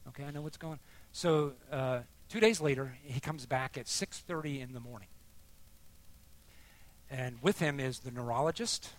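A middle-aged man tells a personal faith story in the manner of a sermon, his voice sitting at an ordinary pitch. He drops to near-hushed tones at tender moments and rises into loud, emphatic bursts when the story peaks. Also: normal speed. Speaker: speaker sharing testimony. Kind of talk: sermon-style personal testimony.

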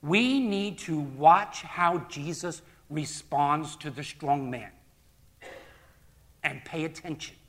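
High-voiced emphatic male preacher. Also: slow pace. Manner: emphatic, rhetorical questions, repeats himself. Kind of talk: sermon with scripture reading.

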